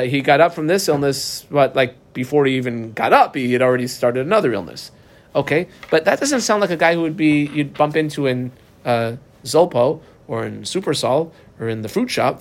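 Man, Talmud teacher; relaxed, chatty delivery, mid-high register, Aramaic phrases woven into plain English. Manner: mixes Aramaic and Hebrew terms with casual English asides. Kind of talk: daf yomi Talmud lesson.

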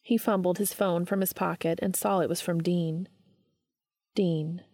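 A woman narrating a story aloud in a steady, measured way. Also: on the low side, no room sound.

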